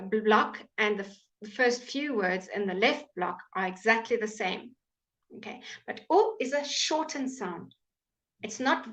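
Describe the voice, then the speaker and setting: A woman's voice: on the high side, a bit bright. A woman teaching English pronunciation in a live online class, patiently repeating each word for her students to copy. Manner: slow, patient, repeats words for drilling. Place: home. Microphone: computer mic on a live stream.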